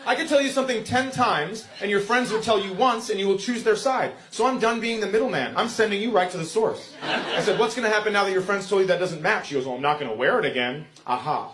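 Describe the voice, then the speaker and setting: Guy doing standup, kinda high voice, wry dad stories, noisy club recording. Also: quick pace, a bit bright, reverberant. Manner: wry storytelling, acting out his daughter. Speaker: stand-up comedian. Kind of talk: stand-up routine.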